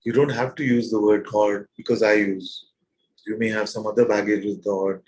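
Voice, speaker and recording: A man leading a satsang as spiritual teacher, probing his listeners with repeated questions in a gentle, playful way. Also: fairly low pitch, level tone, moderate pace, poor audio. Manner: gentle and playful, with soft laughs. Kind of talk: satsang teaching to a live group.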